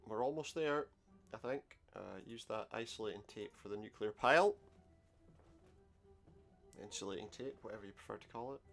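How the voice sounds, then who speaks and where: Male gamer, deep and a bit gravelly, wry casual commentary over soft game music. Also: moderate pace, long pauses. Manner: wry, sarcastic asides. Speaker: let's play gamer. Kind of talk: casual game commentary, reading game dialogue aloud.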